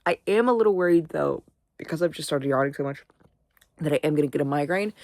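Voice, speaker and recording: A woman's voice: sits low, fairly quick, long pauses, darkish tone, dry recording, clean studio sound. A sleepy, sniffly young woman vlogging in casual, rambling chat, swearing freely. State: sleepy, yawning; sniffly, congested.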